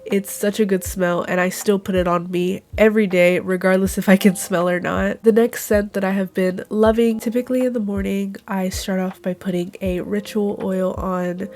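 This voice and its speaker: A young YouTuber narrates her monthly favorites vlog at an even, unhurried pace, calm and gently enthusiastic. Her pitch sits in an ordinary middle range for a woman, though a cold makes her sound nasal and congested.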